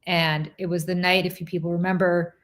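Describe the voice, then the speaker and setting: A woman's voice: lowish voice, a little fast. A woman hosting a casual chat, telling a long story with laughter and acted-out quotes. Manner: animated, laughing, acts out quoted voices. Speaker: podcast host.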